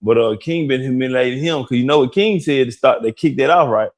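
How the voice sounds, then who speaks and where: A man's voice: mid-range voice, lively intonation, fairly quick. Laid-back Detroit man gossiping. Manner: laid-back, drawling, laughs often. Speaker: gossip show co-host. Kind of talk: casual gossip chat.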